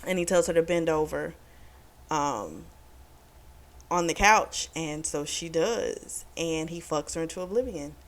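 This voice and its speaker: A book reviewer casually recaps a romance novel's plot, speaking frankly with lots of profanity and frequent laughter. Her voice is low-pitched, expressive, and unhurried.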